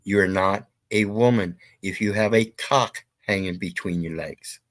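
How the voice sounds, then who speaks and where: A man's voice: low-pitched, unhurried, no room sound. A man hosting opinionated commentary, blunt and preachy with some profanity. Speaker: commentary host.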